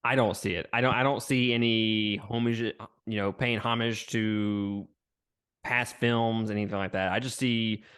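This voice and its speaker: A man's voice: on the low side, fairly even intonation, a little slow, fairly bright tone, clean tone. A man co-hosting a podcast, chatting bluntly about a film and laughing often. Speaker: podcast co-host. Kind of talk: casual movie review chat.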